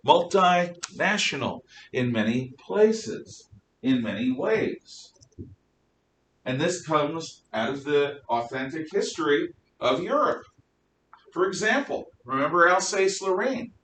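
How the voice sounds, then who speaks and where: A man giving a history lecture to a class, emphatic and animated, firing off rhetorical questions. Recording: roomy, distant mic with faint rumble.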